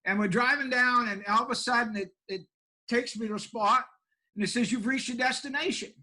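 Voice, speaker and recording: A man's voice: very high-pitched, steady tone, fairly quick, bright, forceful tone, rough recording. An older man, a country pastor telling stories in a plainspoken, self-deprecating way during an interview. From Maine, USA. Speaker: pastor and homeless shelter director. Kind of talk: folksy storytelling in an interview.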